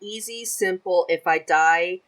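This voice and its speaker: Low-voiced chatty woman laughing easily. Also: a little slow, a bit bright, poor audio. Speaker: podcast guest and streamer. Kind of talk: casual chat.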